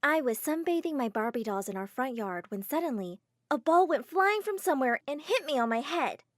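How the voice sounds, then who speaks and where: Expressive woman narrating an animated drama. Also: high voice, a little fast, no room sound, clean studio sound. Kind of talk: first-person animated story narration.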